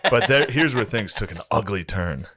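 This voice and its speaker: A young man on a podcast with a fairly low voice, chatting casually. He tells stories with lots of swearing and leaps up into high put-on voices for the people he quotes. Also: animated, moderate pace, pushed and bright. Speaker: podcast co-host. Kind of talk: casual storytelling chat.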